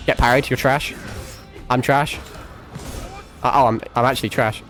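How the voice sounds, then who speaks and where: A man's voice: mid-range voice, very animated, moderate pace, pauses often, soft background music. Rambling, self-mocking young man streamer. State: strained voice. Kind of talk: casual live-stream gaming chat.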